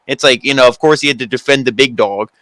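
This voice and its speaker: A man co-hosting a casual wrestling review show, joking and mimicking commentators and wrestlers in quick asides. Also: mid-range voice, fairly bright tone, dry recording, rough recording. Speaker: podcast co-host.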